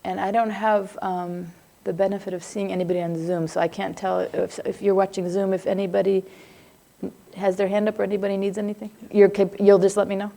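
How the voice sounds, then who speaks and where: A woman's voice: mid-range voice, level tone, a little fast, vocal fry, warm tone. A middle-aged woman lecturing a live class on psychology in a loose, conversational way, often breaking off to check in with students. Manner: conversational, digressive, laughs easily.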